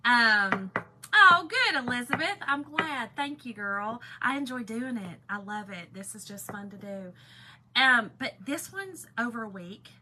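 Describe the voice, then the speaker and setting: A woman hosting a casual craft livestream, chatting excitedly and greeting viewers by name. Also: fairly high pitch, measured pace, noisy background. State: one ear still muffled. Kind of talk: casual live-stream chat.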